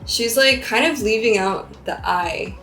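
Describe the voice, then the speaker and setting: A woman's voice: fairly high pitch, a little slow, a bit bright. A young woman in her twenties, chatting curiously in a casual language-learning vlog and laughing at herself. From United States. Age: 20s. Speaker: vlogger. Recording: roomy sound with faint background music.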